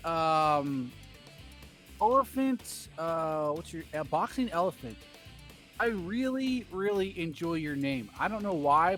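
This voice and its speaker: A man's voice: on the high side, fairly bright tone. A man doing rambling, jokey play-by-play commentary on a baseball video game stream.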